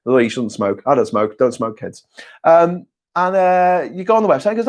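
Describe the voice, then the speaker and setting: Sarcastic man, fairly high voice. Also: fairly quick, a little mellow. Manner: sarcastic, blunt, swears freely. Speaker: host. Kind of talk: casual live chat reading viewer messages.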